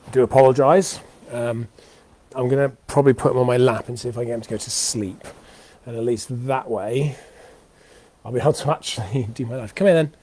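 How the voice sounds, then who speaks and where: A man's voice: mid-range voice, steady tone, brisk, warm tone. A man in his thirties hosting an unscripted live show from home, sounding exhausted and rambling with many fillers and restarts. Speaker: host of a weekly live show. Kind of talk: unscripted live-stream chat. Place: home, indoors. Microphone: webcam or computer mic for a live video.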